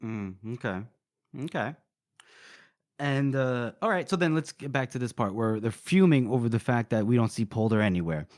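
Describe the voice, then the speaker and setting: A podcast co-host on a casual book show retells scenes with gusto, swearing and acting out the dialogue. His mid-range voice is expressive and a little mellow, at a moderate pace, in a clean studio recording without room sound.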